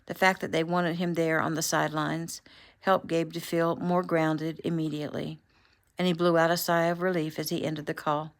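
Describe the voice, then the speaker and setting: Brief: woman author, casual home audiobook read, lowish voice, unpolished. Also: moderate pace. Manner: relaxed, unpolished, clears her throat now and then. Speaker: author reading her own book. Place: home room.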